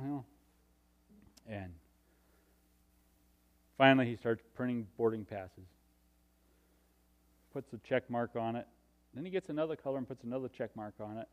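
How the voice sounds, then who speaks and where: A middle-aged man preaching a sermon, telling a personal story and swinging from hushed asides to loud, excited passages. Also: mid-range voice, highs cut off.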